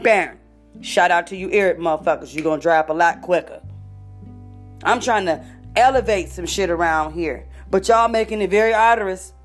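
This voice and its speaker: A woman delivering a profane, confrontational rant straight at her listeners, swearing constantly and dropping fancy vocabulary words. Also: medium pitch. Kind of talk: profane ranting monologue.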